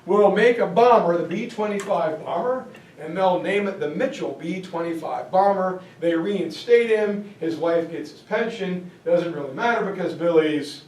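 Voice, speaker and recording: A man giving a history lecture as lively storytelling, acting out quoted voices and joking asides. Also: high voice, moderate pace, slight background noise. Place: classroom or lecture hall. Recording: echoey room, mic far off, faint ambience.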